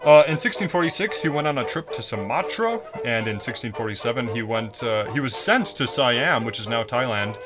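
A man's voice: mid-range voice, animated, a little fast, few pauses, music in the background. A man co-hosting a casual history podcast, telling a story loosely with swearing and laughs. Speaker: podcast co-host.

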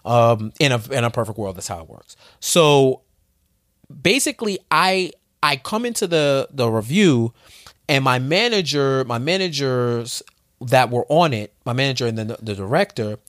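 Man, podcast guest, casual storytelling, mid-pitched voice, animated and slangy, dry sound. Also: moderate pace, dry recording. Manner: animated, informal, peppered with slang.

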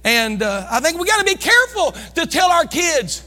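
High, bright-voiced preaching man. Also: sing-song, moderate pace. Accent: American Midwest. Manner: folksy, swings between loud shouting and low asides. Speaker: pastor. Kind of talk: sermon. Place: church sanctuary. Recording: long church reverb.

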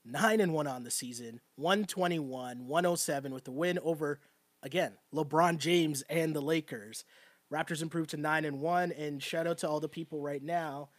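A man hosting a casual sports talk stream, animated and rambling, laughing often as he talks. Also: a little high, normal speed, no echo. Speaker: podcast host.

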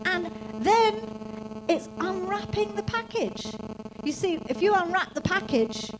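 A woman preaching a sermon, repeating phrases and swinging from quiet teaching to loud proclaiming. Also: very high voice, sing-song, takes it slowly, over music, rough recording.

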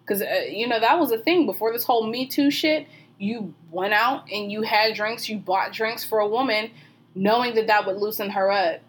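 A woman's voice: mid-range voice, normal speed, a little hiss or hum. A young woman co-hosting a podcast, talking bluntly and candidly in casual chat, swearing freely. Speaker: podcast co-host.

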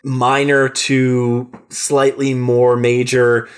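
A man chatting casually on a podcast, talking at a middling pitch. He rambles, restarts his sentences and swears freely as he tells a story. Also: monotone, very slow, clear, resonant tone. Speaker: podcast host.

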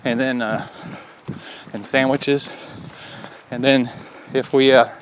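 A middle-aged man with a mid-range voice tells a loose, rambling story and keeps chuckling along the way. He is recording himself on a handheld device out on a forest trail, and steady outdoor noise runs under everything he says. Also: mid-range voice, slow pace, poor audio. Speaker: podcast host. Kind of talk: casual on-the-go recording. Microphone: handheld recorder carried on a run.

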